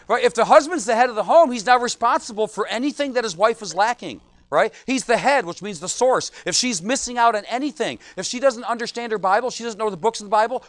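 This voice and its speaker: A man's voice: high voice, dry recording. A middle-aged man, a pastor, preaching a sermon in a church, joking often and asking "right?" again and again.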